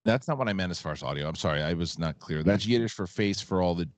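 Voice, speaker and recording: A man's voice: deep voice, animated, fast, no echo. A man hosting a live online show, reading viewer donation messages aloud and talking frankly with casual swearing and lots of restarts. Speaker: host.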